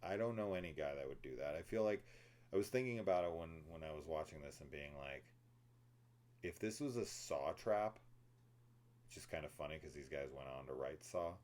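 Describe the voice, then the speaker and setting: A man with an extremely deep voice hosts a casual horror film spoiler discussion. He rambles through his opinions, swears freely and drifts into tangents. His delivery is loose and unscripted. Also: animated, fairly quick, darkish tone. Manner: laughs and mimics characters while telling the plot. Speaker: film review podcast host.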